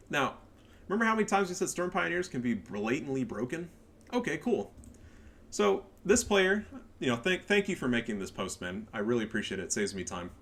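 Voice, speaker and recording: A man ranting in game commentary, sarcastic and profane, swinging up into shouts. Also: mid-range voice. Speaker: gaming video creator.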